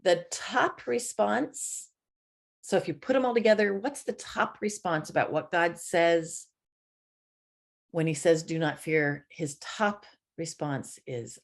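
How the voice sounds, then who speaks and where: Woman preacher, low gravelly voice, relaxed conversational sermon delivery. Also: slow pace. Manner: conversational, laughs easily. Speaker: church speaker.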